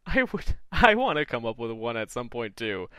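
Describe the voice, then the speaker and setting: A man's voice: medium pitch, big pitch swings, normal speed, bright, forceful tone, clear, resonant tone, no echo, studio quality. A man co-hosting a podcast, chatting in an easygoing, supportive way with frequent giggles. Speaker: podcast co-host. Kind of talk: casual chat.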